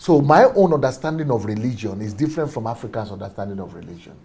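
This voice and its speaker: A man's voice: lowish voice, expressive, quick pace, mellow, breathy edge. A man giving a passionate preaching-style talk, emphatic, repeating key phrases and chuckling as he goes. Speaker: speaker on faith and systems.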